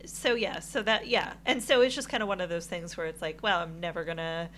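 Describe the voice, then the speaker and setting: A woman co-hosting a podcast, telling a travel story in casual chat, animated and laughing often. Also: fairly low pitch, brisk, slight background noise. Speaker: podcast co-host.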